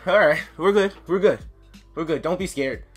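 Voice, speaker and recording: A man giving excitable live gameplay commentary, yelling, chanting cheers and talking himself through nervous moments. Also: a little high, normal speed, husky, faint music behind. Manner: yells and chants, sings cheers, flustered self-talk. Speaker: gaming commentator.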